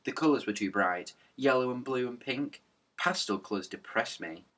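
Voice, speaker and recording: A man voicing a gloomy fifteen-year-old girl with a flat, mournful delivery in a children's story. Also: mid-range voice, moderate pace, lightly acted. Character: gloomy teenage girl, fifteen, dressed in black.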